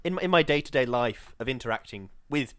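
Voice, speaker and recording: A young British man co-hosting a podcast in casual chat, chatty and quick to laugh. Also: medium pitch, clear, resonant tone, no room sound. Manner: chatty, laughs easily, lively voices in anecdotes. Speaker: podcast co-host.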